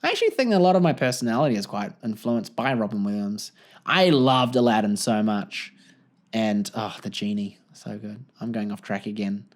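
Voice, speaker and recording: A man's voice: on the low side, animated, moderate pace. A young man with a New Zealand accent hosting a solo podcast, telling a story in a jokey, rambling way and laughing often. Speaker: podcast host.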